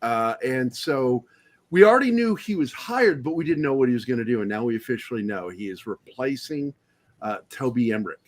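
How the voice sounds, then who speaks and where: A male guest on a casual podcast who talks with a heated, rambling energy, full of swearing and restarts. His voice sits at an ordinary middle pitch. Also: expressive, fairly quick. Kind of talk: casual movie-review chat.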